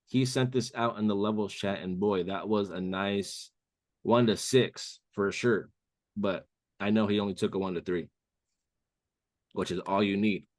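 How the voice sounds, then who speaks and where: A man's voice: lowish voice, no room sound, clean studio sound. A man on a live call walking listeners through a trading chart, talking loosely and calling them "bro". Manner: casual, says "bro" a lot. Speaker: trading mentor.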